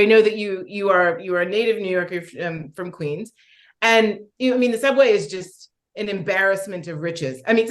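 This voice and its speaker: A woman hosting an interview, asking her questions in a halting, hesitant way with many fillers. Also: medium pitch, a bit bright. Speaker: interviewer, host. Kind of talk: casual interview.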